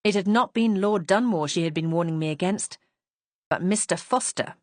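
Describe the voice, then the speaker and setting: A woman's voice: on the low side, moderate pace, dry recording. A woman reading a first-person mystery audiobook in a composed, wry storytelling manner. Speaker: audiobook narrator.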